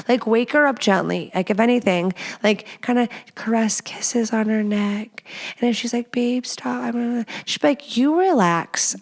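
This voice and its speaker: A woman's voice: mid-range voice, gravelly. A young woman hosting a podcast, giving casual advice in a chatty, playful way with many fillers. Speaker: podcast host.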